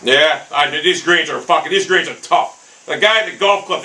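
A man giving angry gameplay commentary, swearing constantly and yelling at the game. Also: on the high side, moderate pace, poor audio. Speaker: gaming commentator.

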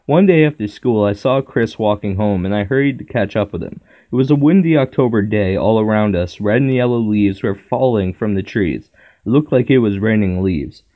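Low-voiced man reading a spooky storybook. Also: moderate pace, phone-quality sound. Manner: steady storytelling, first person. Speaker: narrator. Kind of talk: reading a children's horror book aloud.

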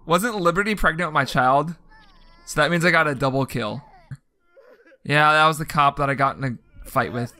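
A man doing goofy, dark-humored let's play commentary, bursting into laughs and yelps. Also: a little high, normal speed, no room sound. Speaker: gaming YouTuber.

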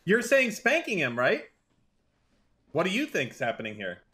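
A middle-aged man bickering on a live stream in a high, lively voice that swoops up and down. He swears constantly and throws out blustering mock threats. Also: moderate pace. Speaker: stream guest and panelist. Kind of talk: heated stream banter.

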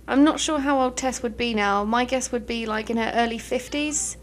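A woman's voice: a little high, normal speed, hardly any pauses. A young British woman giving chatty, giggly let's play commentary on a life simulation game, swearing now and then. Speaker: gaming YouTuber.

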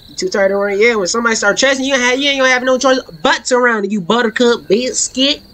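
A woman streaming a horror game, commenting in a playful, slangy, trash-talking way and breaking into excited shouts. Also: fairly high pitch, fast talker. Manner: excitable, bursts into laughing shouts. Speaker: gaming streamer. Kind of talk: let's play commentary.

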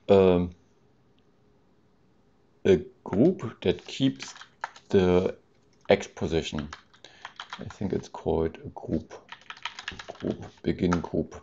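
A man with a deep, gravelly, mellow voice talks through code on a casual live stream, hesitating often and restarting his sentences. The audio is dull and lo-fi. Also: a little hiss or hum. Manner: thinks aloud, hesitant, with many ums and restarts; reads out and answers chat questions with amusement.

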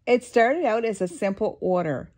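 A woman voicing a frantic male crab restaurant owner in a storybook read-aloud, loud and stammering. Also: mid-range voice, expressive, moderate pace, close to an everyday voice. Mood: panicked.

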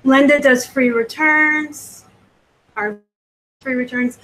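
A woman's voice: sits high, steady tone, takes it slowly, a bit bright, poor audio. A woman from the US West Coast hosting a live stream. She reads out viewer comments and chats about her selling in a rambling, casual way. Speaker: host.

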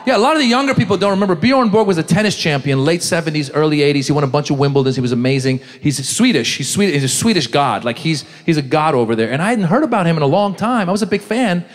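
Lively stand-up comic man, high voice. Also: fast, hardly any pauses. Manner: energetic, quizzes the crowd, acts out characters. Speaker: stand-up comedian. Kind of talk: stand-up comedy set. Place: comedy club stage before a live audience.

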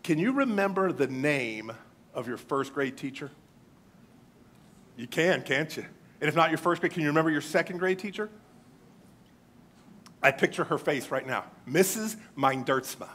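A man preaching a sermon, telling a story earnestly and then leading a hushed, reverent prayer. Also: on the high side, expressive, moderate pace, pauses often. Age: adult, old enough to have grown up past second grade. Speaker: pastor. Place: church service. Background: soft guitar music.

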